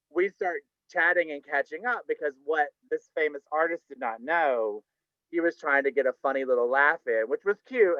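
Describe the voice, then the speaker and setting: A campy, chatty older man spins a story and keeps tossing in "honey." His voice sits a little high. The video call audio is dull and dry, with no room sound. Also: no room sound. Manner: campy, chatty, says "honey, okay?" often. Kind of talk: live storytelling.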